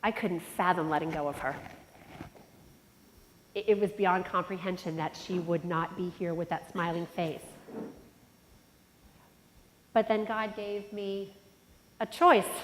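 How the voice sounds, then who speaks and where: A middle-aged woman gives a personal, heartfelt talk as a conference speaker, reflective at times, her pitch and volume rising suddenly now and then. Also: measured pace, pauses often. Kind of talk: personal storytelling speech. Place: large conference hall. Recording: long reverb from a conference hall.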